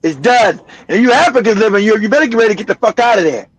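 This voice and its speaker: A man's voice: high-pitched, animated, rapid-fire, breathy edge, no echo, poor audio. A man hosting a political commentary livestream, talking bluntly and profanely and laughing often. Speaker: livestream host.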